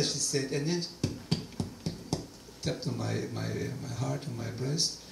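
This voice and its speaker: Gravelly man telling a testimony. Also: fairly high pitch, slow, slight background noise. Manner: animated storytelling with quoted dialogue. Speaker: guest speaker. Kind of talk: personal testimony talk. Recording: roomy distant hall recording, faint ambience.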